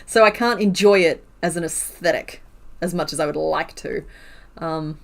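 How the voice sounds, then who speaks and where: A woman's voice: low voice, normal speed, vocal fry. An Australian woman streaming while she crochets, chatting casually, laughing often and counting stitches under her breath.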